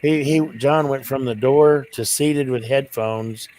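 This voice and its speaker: A man's voice: medium pitch, unhurried, darkish tone, a little hiss or hum, rough recording. A man on a live stream panel, teasing the host and reading out viewer comments. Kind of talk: casual chat.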